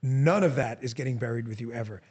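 A man's voice: medium pitch, fast talker, darkish tone, slightly rough. Emphatic male podcast host. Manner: direct, emphatic, repeats points. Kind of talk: interview and show sign-off.

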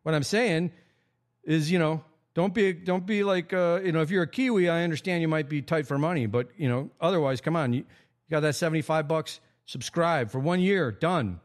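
A man from America hosting a casual livestream monologue, rambling with frequent restarts and sudden jumps in pitch. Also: normal speed. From United States. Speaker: host.

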